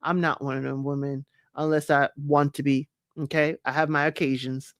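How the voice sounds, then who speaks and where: A woman's voice: low voice, flat delivery, moderate pace, no room sound, clean studio sound. A woman hosting a casual live show, reading viewer comments aloud and chatting with frequent laughter. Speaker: podcast host reading live chat. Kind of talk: casual live recap chat.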